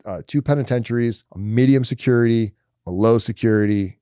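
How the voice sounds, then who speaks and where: Fast-talking, profane storyteller man. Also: mid-range voice, mellow, clear, resonant tone, dry recording, clean studio sound. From Florida, US. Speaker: podcast guest. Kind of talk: storytelling in a casual interview.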